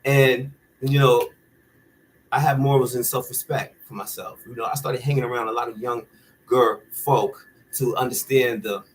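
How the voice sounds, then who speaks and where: A man's voice: medium pitch, steady tone, moderate pace, a little hiss or hum, poor audio. A man talking straight to the camera in a candid rant, blunt, profane and heated. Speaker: vlogger.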